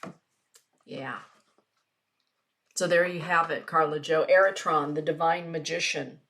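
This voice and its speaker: Woman, low voice, slow pace, casual webinar chat, reading card passages. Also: steady tone, a bit bright, a little hiss or hum. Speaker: spiritual teacher reading oracle cards.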